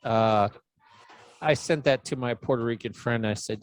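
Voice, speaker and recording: Male podcast host, mid-pitched, sarcastic and profane banter. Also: normal speed, low-quality recording. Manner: sarcastic, swearing, laughs often.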